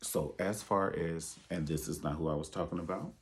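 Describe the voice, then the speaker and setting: A man's voice: deep voice, normal speed. A man giving sassy, profane pop-culture commentary and calling his listeners honey. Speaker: online show host.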